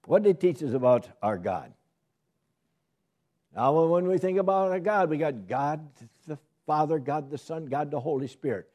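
A man delivers a sermon in a husky, mellow voice. His pitch swings widely as he leans into points, and he often repeats or restarts phrases and puts questions to his listeners. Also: animated, moderate pace. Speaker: preacher.

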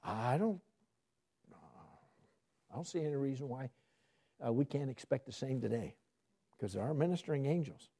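A man's voice: mid-range voice, normal speed, long pauses. A man teaching a Bible study in sermon style, asking his listeners questions and answering them himself, lifting his voice on key words. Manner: lively, rising emphasis on key words.

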